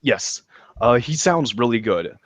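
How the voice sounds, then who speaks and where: A man's voice: mid-range voice, lively intonation, unhurried, no echo. A man chatting casually on a podcast, enthusiastically recapping a show, laughing and restarting his sentences with lots of ums. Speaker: podcast co-host reviewing a show. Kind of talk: casual review chat.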